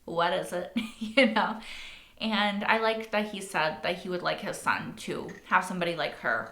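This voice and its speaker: A woman's voice: medium pitch, animated, normal speed, pushed and bright. A young woman hosting a reaction video, talking casually and swearing freely, with a lot of likes and rights. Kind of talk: casual spoken commentary. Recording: echoey room.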